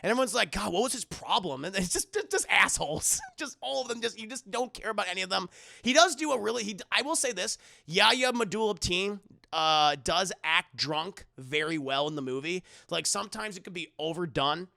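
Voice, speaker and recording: A man's voice: high-pitched, lively intonation, brisk, gravelly, bright, forceful tone, dry recording. A man reviewing a film live for his chat in a casual, profane, rambling recap.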